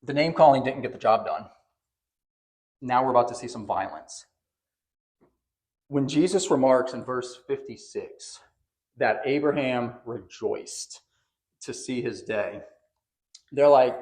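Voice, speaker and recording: A man's voice: medium pitch, measured pace, long pauses, a little mellow. Emphatic man preaching a sermon. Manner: emphatic, conversational preaching with repeated phrases. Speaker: pastor. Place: church sanctuary.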